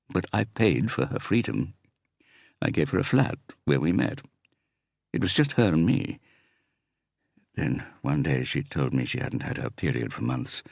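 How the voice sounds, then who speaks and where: A man reading as a croaky, evasive rich investor. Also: very deep voice, no room sound, clean studio sound, exaggerated voice. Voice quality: croaky, wobbly. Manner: defensive, dismissive. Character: wealthy, evasive older male property investor. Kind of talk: audiobook character reading.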